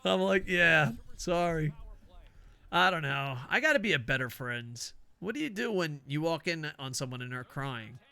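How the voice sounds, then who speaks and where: Animated older man chatting over gameplay. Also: moderate pace, creaky, hardly any pauses, clean tone. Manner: rambling, profane, laughs often, mimics coworkers in a high voice. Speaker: streamer. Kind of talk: casual chat while gaming.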